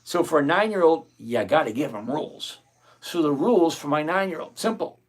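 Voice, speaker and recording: A middle-aged man with a fairly high, expressive voice speaks briskly while hosting a live trading stream. He says hello to viewers by name and reasons out loud in a blunt manner.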